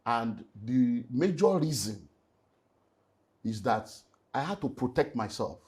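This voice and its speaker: A middle-aged man with a Nigerian accent, a pastor talking about his life in an emotional way that rises into loud, emphatic bursts. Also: medium pitch, very animated, slow pace. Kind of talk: candid personal testimony in conversation.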